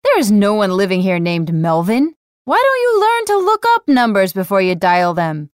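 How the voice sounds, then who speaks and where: A woman voicing an irritated man who keeps getting wrong-number calls, gruff and annoyed. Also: medium pitch, huge pitch swings, moderate pace, no room sound, clean studio sound, voice pushed down. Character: irritated man answering the phone.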